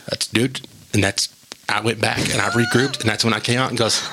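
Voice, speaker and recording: A man with a gravelly, bright voice who chats casually and rambles through stories, jumping into lively quoted voices. He talks as a podcast co-host sharing stories with a friend. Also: fairly low pitch, a little fast, slight background noise. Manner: rambling, animated, acts out quotes. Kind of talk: casual storytelling chat.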